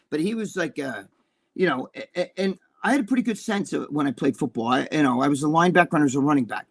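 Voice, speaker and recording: A man's voice: fairly high pitch, rapid-fire, slightly rough. A man in his sixties, co-hosting a casual chat and telling profane, heated stories. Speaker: co-host.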